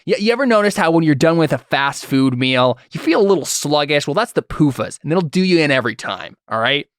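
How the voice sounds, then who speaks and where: A man's voice: a little high, lively intonation, a little fast, no echo, clean studio sound. A man voicing a hearty, bossy middle-aged father who lectures in a folksy way and keeps asking "all right?". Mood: lecturing.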